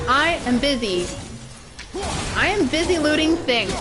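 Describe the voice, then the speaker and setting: Excitable alto woman streaming a game. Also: high voice, a little slow. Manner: chatty, excitable, giggly. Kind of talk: casual let's-play commentary. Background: game music.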